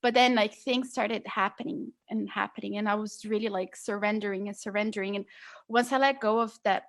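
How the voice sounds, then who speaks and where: A woman's voice: mid-range voice, fairly even intonation, brisk. A young adult woman telling her story as a podcast guest, earnest and casual, with lots of "like" and "you know". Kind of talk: casual conversational interview.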